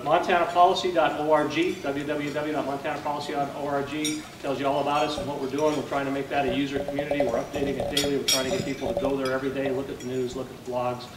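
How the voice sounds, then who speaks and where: A male host speaks at a lunch forum in a conversational way, pausing often on filler words. He sits back from the microphone in a reverberant banquet room. Cutlery and dishes clink audibly behind him. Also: medium pitch, background noise. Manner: plain, conversational, with frequent "uh" fillers. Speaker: event host introducing a speaker. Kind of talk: luncheon speech and introduction. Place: banquet hall at a lunch event. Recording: roomy, distant mic with clinking dishes.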